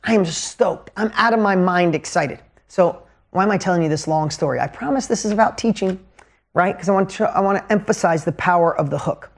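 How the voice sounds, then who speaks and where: Fairly quick and gravelly, a man in his fifties works as a motivational coach recounting a business story. He's emphatic and energetic, using wide pitch swings to hammer his points.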